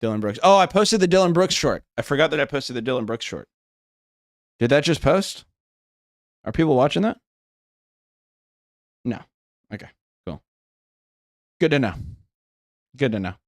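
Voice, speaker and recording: A man's voice: mid-range voice, sing-song, normal speed, pauses often, no echo, studio quality. A young man with a West Coast American accent chatting casually on a livestream, rambling, swearing and thinking aloud as he reads chat. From United States. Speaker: streamer.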